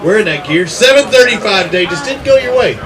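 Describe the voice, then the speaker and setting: A man's voice: high-pitched, lively intonation, fast, poor audio. A man, emceeing an outdoor fishing tournament weigh-in, teasing anglers as he calls out names and weights. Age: 60s. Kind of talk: live event emceeing with banter. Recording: crowd chatter behind. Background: crowd.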